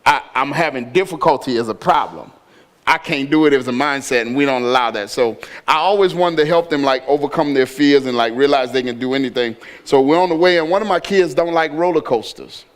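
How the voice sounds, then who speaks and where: Man pastor, high voice, storytelling sermon style. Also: clean tone. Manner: storytelling, building to shouted exhortation.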